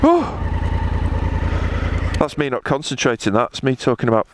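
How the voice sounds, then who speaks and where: A profane, self-mocking man delivers a comic monologue from the saddle of his motorbike. His voice sits at an ordinary middle pitch. Loud engine and road noise roar underneath his helmet-mic recording. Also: fast. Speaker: motorbike vlogger. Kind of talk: crude comic riding monologue. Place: riding a motorbike outdoors on roads. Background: engine and traffic noise.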